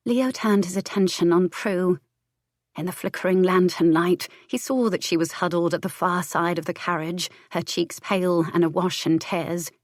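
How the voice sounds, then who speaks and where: A woman reads a historical romance audiobook with measured, expressive narration. Her voice is lowish for a woman. It is recorded close and dry. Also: no room sound.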